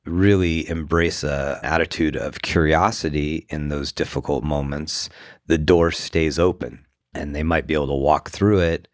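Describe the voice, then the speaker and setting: A man's voice: rumbling low, fairly even intonation, normal speed, dry recording, clean studio sound. A man co-hosting a relationship podcast, reflecting back and summarizing his partner's points. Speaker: podcast co-host. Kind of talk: relationship advice conversation.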